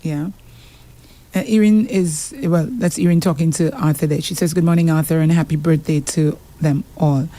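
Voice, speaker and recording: A woman's voice: deep voice, fairly even intonation, moderate pace, dark tone. Saint Lucian woman reading listener messages. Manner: reads out messages aloud with frequent laughs. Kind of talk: casual radio chat.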